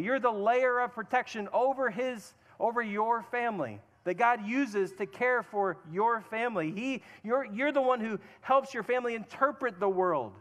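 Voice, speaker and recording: High-voiced preacher man in a reverberant hall. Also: fairly bright tone. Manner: earnest, self-deprecating, with mock-voiced asides. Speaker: pastor. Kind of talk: sermon.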